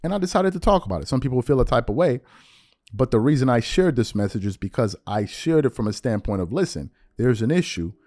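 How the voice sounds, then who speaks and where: Animated, earnest male podcast host. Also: mid-range voice, fast, no room sound, clean studio sound. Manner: earnest, repeats words when searching for them. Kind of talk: reflective solo commentary.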